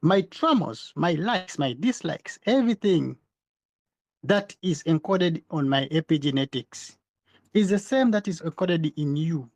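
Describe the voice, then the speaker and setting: Earnest man explaining, slightly high voice. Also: lively intonation, unhurried, no room sound. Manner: earnest, explanatory, repeats and restarts words. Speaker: podcast host. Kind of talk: casual discussion.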